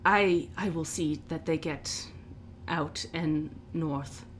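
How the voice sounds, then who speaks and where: Battered devout prisoner, male, earnest and soft, voiced by a woman, slow. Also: sits low, a little hiss or hum.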